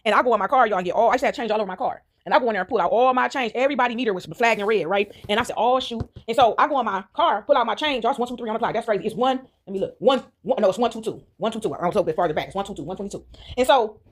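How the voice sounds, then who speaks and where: Woman, vlogger, very fast talker, higher voice, casual storytelling, keeps adding "right?", animated. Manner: tags nearly every sentence with "right?"; animated, swears freely, acts out quoted voices.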